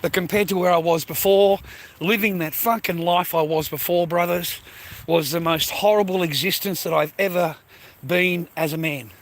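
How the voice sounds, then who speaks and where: The recording is poor, capturing an Australian man with a high-pitched voice speaking at normal speed with fairly even intonation. Walking along, he rambles to his phone for his vlog, swearing freely and calling his audience mate and bro.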